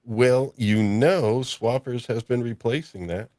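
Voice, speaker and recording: A man in a casual podcast chat, making dry, quick quips. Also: mid-range voice, a little mellow, dry recording.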